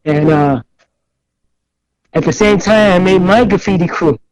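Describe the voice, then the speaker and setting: An older man from New York City, a guest in a casual interview, speaks in a high-pitched, unhurried voice. He tells rambling, animated stories and acts out the other people's voices in quotes. The recording is low-quality, with no room sound.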